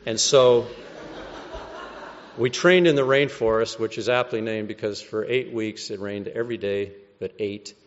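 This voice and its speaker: Low american guy telling his testimony, wry and chatty, muffled hall sound. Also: a little slow. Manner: wry, conversational, acts out quoted voices. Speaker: speaker giving a personal testimony. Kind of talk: storytelling testimony.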